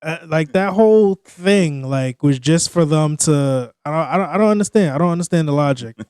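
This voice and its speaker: Chuckling New podcast co-host. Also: male voice, fairly high pitch, lively intonation, moderate pace, darkish tone, clear, resonant tone, no room sound, studio quality. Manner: laid-back, chuckling, slangy. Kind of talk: casual comedic storytelling.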